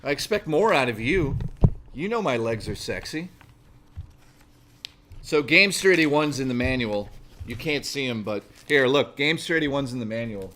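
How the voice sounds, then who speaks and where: Here a man with a medium-pitched, expressive and fairly bright voice talks at a moderate pace. Hosting a casual livestream, he builds a model while chatting, joking, rambling and cursing a lot into his desk microphone.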